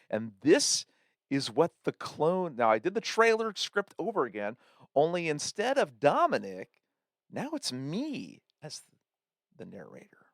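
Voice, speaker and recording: A man hosting a podcast, walking through a software tool in a chatty, loose tutorial with many fillers and restarts. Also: on the high side, huge pitch swings, measured pace, no echo, clean studio sound. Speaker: podcast host. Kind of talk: casual tutorial walkthrough.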